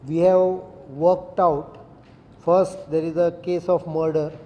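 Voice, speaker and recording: A middle-aged man with an Indian English accent gives a firm, deliberate press statement as chief minister, reading out legal sections one by one. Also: a little high, level tone, lo-fi sound. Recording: echoey room, faint background noise.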